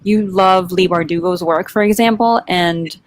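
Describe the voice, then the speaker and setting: A woman's voice: on the low side, normal speed. A woman hosting a virtual author event, giving earnest advice in a casual, playful way. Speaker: host. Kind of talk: casual panel chat. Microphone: video call.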